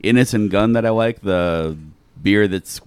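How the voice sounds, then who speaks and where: A man's voice: fairly low pitch, measured pace, darkish tone, clean tone, dry recording. A man telling a rambling story in a casual podcast chat, with lots of restarts and fillers. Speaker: podcast co-host.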